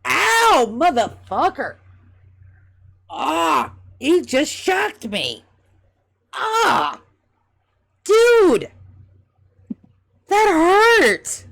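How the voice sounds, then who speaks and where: A woman's voice: extremely high pitch, sing-song, very slow, creaky, long pauses, a bit bright, pitched above the performer's own voice, heavily acted. Woman doing a yelping, squealing young man. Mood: pained yelping. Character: loud whiny young man who yelps and sneezes.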